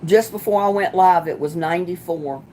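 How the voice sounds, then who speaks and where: A woman hosting a casual livestream, chatting with viewers as she reads their comments, sympathetic and quick to laugh. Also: fairly low pitch, mellow, a little hiss or hum. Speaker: livestream host.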